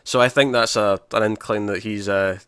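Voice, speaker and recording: This podcast co-host rambles through a casual chat, restarting often and laughing a lot. His fairly low voice is clear, resonant and fairly bright, with a steady tone and normal speed. The recording is dry, with clean studio sound.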